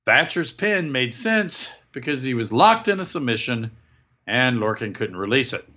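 A man's voice: mid-range voice, sing-song, moderate pace, pushed and bright. A man co-hosting a casual wrestling podcast, joking sarcastically and reading listener emails aloud. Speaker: podcast co-host.

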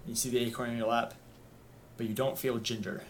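Brief: man, easygoing tabletop game master, mid-range voice, unhurried narration. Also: mid-range voice, little pitch movement, a little hiss or hum, low-quality recording. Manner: easygoing, lots of "um", unhurried scene-setting.

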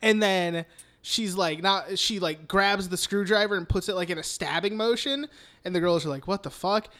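Bright, high-voiced young podcast host. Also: male voice, normal speed. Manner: rambling, profane, heavy use of "like". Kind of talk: casual chat recapping a film.

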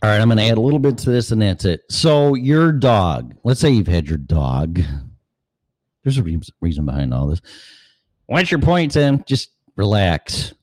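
Deep-voiced, profane man rambling casually. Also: very animated, moderate pace, darkish tone, dry recording. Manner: profane, conversational, asks rhetorical questions. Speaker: show host.

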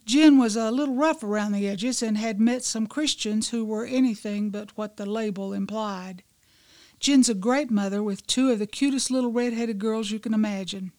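A woman with a slightly high voice tells a devotional story in a measured, gentle way, sometimes dropping to a hush. The sound is close and dry, with no room around it. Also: no room sound. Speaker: devotional writer and presenter.

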